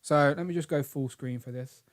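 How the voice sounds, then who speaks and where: A British man with a fairly high voice speaks at a normal speed while hosting a toy collecting live stream. He rambles and cracks jokes, reading out donations and thanking the donors in casual stream chat.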